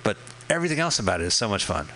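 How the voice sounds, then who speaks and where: Man, casual radio host, bright voice, joking and rambling, faint hum behind. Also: lowish voice, big pitch swings, rapid-fire, rough recording. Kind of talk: casual movie commentary chat.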